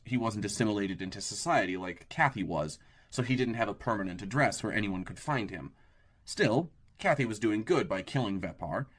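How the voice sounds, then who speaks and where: A man narrating an audiobook in a steady, even storytelling manner. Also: lowish voice.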